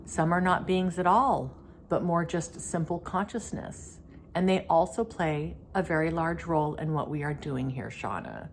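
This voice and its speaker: A woman channeling a soft-spoken male reptilian being. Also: low voice, normal speed, a little hiss or hum. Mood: earnest. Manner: soft-spoken, formal and courteous.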